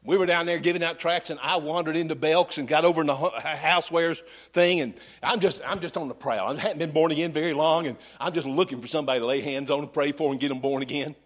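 A pastor in middle age, his voice sitting high for a man as he preaches. He tells homespun, joking stories from the pulpit in a folksy, down-home way. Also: steady tone, quick pace. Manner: folksy, humorous storytelling preacher. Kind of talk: sermon.

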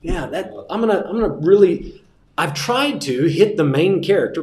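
A man teaching a class on sermon delivery, relaxed and joking, repeating his key points. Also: high voice, normal speed, reverberant. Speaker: preaching instructor.

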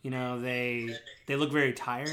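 A man's voice: mid-range voice, little pitch movement, normal speed, a bit bright. A man narrating as game master of a tabletop game, loose and rambling with lots of fillers.

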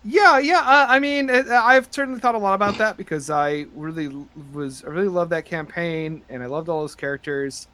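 This man runs the game on a tabletop podcast, narrating and chatting briskly with few pauses. His high-pitched voice rambles along, packed with fillers and rising excitement.

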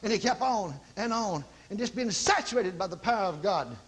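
A middle-aged man preaching, telling a story with animated bursts of loud repeated commands. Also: sits high, brisk, slight background noise. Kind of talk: sermon storytelling.

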